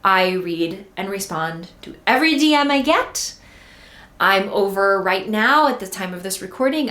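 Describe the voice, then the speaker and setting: A woman's voice: medium pitch, a bit bright. A woman hosting her own podcast as a voice teacher, talking to singers in an earnest, heartfelt, emphatic way. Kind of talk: encouraging solo podcast talk. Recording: roomy echo.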